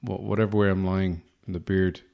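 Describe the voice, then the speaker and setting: A man's voice: sits low, level tone, normal speed, vocal fry, a little mellow. An Irish man hosting a podcast, delivering a rambling, self-deprecating comic monologue with a wry manner. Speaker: podcast host.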